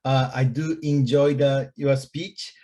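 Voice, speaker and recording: A man giving hesitant, halting feedback in an online meeting. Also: mid-range voice, steady tone, mellow.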